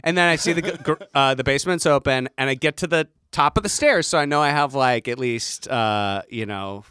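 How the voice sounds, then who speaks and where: A man's voice: medium pitch, brisk, a bit bright, clear, resonant tone, no room sound. A young man co-hosting a podcast, casually telling a story, swearing freely and acting out his own panicked lines. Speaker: podcast co-host.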